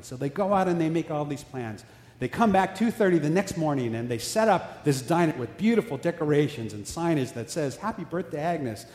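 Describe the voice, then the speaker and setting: Male preacher, lively storytelling delivery, slightly higher voice, reverberant church hall. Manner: animated storytelling, voicing characters in dialogue. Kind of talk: sermon storytelling. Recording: echoey hall.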